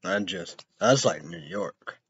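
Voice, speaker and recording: Gravelly slow-talking young man. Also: sits low, animated, no room sound. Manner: rambling, spells out names letter by letter. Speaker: show host. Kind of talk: casual commentary reading news headlines. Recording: dull lo-fi recording.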